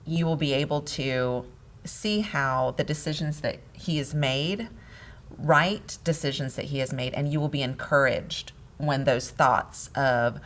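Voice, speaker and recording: A middle-aged woman co-hosting a casual talk on marriage, telling stories in an animated way and laughing often. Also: rumbling low, unhurried. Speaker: podcast co-host, wife. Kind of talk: casual conversation about marriage.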